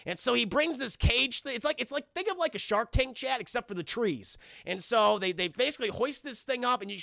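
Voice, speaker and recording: A young man rambles through a film recap for his live chat, swearing as he goes and acting out the characters' lines in quick bursts. His voice sits high for a man, with a bright, gravelly edge. The sound is close and dry. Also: no room sound. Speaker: film reviewer streaming to chat.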